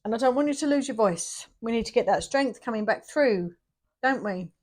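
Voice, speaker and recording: A woman's voice: fairly high pitch, animated, normal speed, a little mellow. A middle-aged woman giving a casual tarot reading, chatty and emphatic, repeating herself for effect. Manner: chatty, emphatic and repetitive, with bursts of energy. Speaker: tarot reader.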